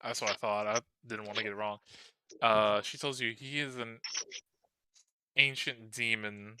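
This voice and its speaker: Male game master, unhurried, halting, bright, clear tone. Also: fairly low pitch, flat delivery, no echo. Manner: halting, with many fillers and restarts. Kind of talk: narrating a tabletop game.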